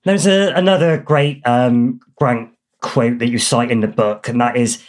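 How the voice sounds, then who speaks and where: Male interviewer, Bristolian accent, measured and thoughtful, medium pitch. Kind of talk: interview questions.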